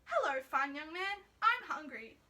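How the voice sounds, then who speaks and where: A plucky young girl from a fairy tale, played by a woman reading aloud. Her voice sits very high and bright, childlike and quick to plead or boss back. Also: sing-song, exaggerated voice. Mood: bold. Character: clever young girl, tearful then bold.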